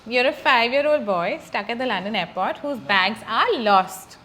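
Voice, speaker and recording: A woman hosting a podcast, upbeat and giggly as she runs quick games with a guest. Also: fairly high pitch, very noisy. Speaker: podcast host. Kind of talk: casual podcast chat.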